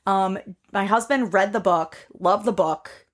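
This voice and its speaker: A woman's voice: medium pitch, unhurried. Woman cohost just chatting, blunt and kinda sweary, normal mid voice. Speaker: podcast co-host. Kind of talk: casual chat.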